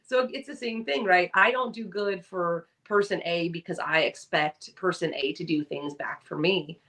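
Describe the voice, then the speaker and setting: A woman co-hosting a podcast, chatting casually and telling lively stories, acting out the people she quotes. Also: lowish voice, normal speed, far from the mic. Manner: animated storyteller, acts out quoted voices. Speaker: podcast co-host. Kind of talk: casual chat.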